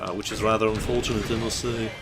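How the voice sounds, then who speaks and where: A man in his twenties doing casual, rambling gameplay commentary with deadpan jokes, button clicks audible. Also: lowish voice, fast. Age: 20s. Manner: joking, rambling, deadpan absurd asides. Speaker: gaming channel host. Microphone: desk mic with button clicks heard. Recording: game music under the voice. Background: game music.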